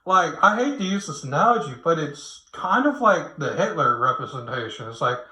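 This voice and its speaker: A man's voice: a little high, very animated, moderate pace, sharp tone. A man giving a casual late-night opinion rant at home, rambling and swearing, with frequent restarts. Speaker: online commentator. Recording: echoey room.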